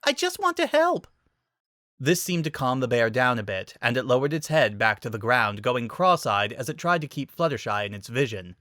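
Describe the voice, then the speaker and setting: A narrator giving a dramatic reading of a fantasy fan story, with expressive storytelling. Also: mid-range voice, a little fast, few pauses, no room sound, clean studio sound.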